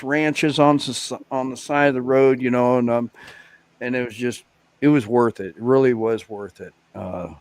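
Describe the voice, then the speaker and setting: A man's voice: mid-range voice, darkish tone, clear, resonant tone, no echo. A man with a middling voice tells a loose, rambling road story on a live stream, dropping "you know" every few words. The sound is dry and close, with no room around it. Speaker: guest biker. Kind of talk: casual live-stream chat.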